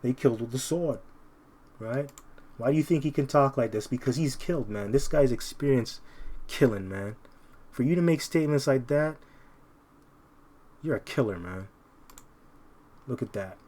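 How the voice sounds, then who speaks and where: A man preaching in a loose, street-style way, pressing his points again and again. His voice sits at an ordinary middle pitch, and he slows down deliberately whenever he reads a verse. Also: darkish tone. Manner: emphatic, repetitive, ends phrases with "man"; slows down to read verses aloud. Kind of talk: informal scripture preaching.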